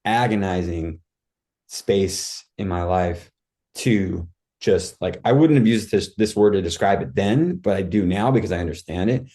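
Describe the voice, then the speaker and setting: A man's voice: low voice, a little slow, warm tone. A man guest on a podcast, telling a personal story in casual talk, acting out his own cries and thoughts and saying "dude" and "like" a lot.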